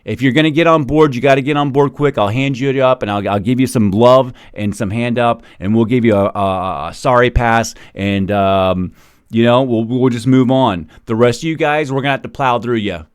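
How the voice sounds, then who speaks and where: A man's voice: medium pitch, moderate pace, smooth, no echo, studio quality. A man in his forties ranting in casual commentary, heated and swearing, with many restarts and repeated words. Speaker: commentator reacting to a video. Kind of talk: casual rant.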